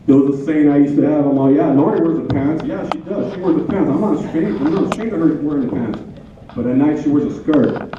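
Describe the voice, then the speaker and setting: A man's voice: a little high, quick pace, slight background noise. A man giving a rambling, heartfelt tribute to his late wife, full of anecdotes and repeated phrases. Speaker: widower giving a tribute speech. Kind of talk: personal storytelling speech. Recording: echoey hall, tinny and from far off.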